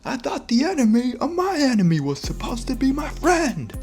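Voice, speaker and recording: A man voicing an angry male gang member in a storybook reading, indignant and loud. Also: very high voice, wildly swooping pitch, moderate pace, faint music behind, pitched above the performer's own voice, heavily acted. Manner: outraged.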